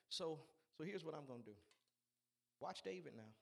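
High, lively, gravelly male preacher. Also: moderate pace. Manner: emphatic and repetitive, urging listeners. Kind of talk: sermon.

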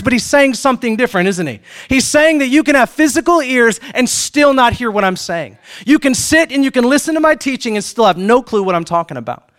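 Preaching in a strikingly high voice, this male pastor animates his sermon with acted-out exchanges of questions and answers. His delivery moves from hushed, soft asides up to loud, emphatic peaks.

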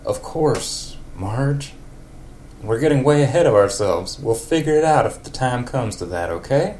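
A man's voice: mid-range voice, animated, unhurried, darkish tone, pitched above the performer's own voice, close to an everyday voice. A man voicing an earnest man in a put-on country accent, speaking in a reassuring drawl. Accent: put-on rural American.

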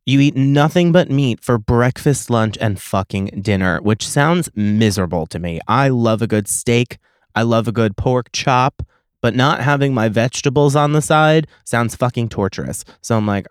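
A young man hosting a solo comedy podcast, telling stories in a profane, sarcastic, animated way. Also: mid-range voice, normal speed, clear, resonant tone, dry recording, clean studio sound. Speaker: podcast host.

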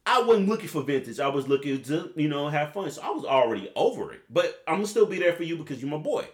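A man in his twenties, a podcast host, telling a long story in a rambling, profane, animated way. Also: a little high, fast talker. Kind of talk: casual storytelling chat. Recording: roomy echo.

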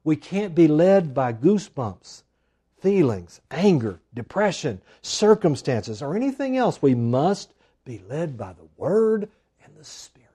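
Preacher with a husky, mellow voice. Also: male voice, a little high, very animated, measured pace. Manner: dramatic swings from loud emphasis to hushed asides. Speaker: pastor. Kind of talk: sermon.

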